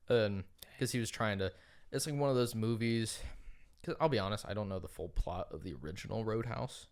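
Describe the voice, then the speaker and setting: A man with a slightly low voice chats casually as a podcast co-host. He rambles through a long retelling, leaning on "like" fillers and dropping casual swear words. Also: a little fast. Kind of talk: casual chat.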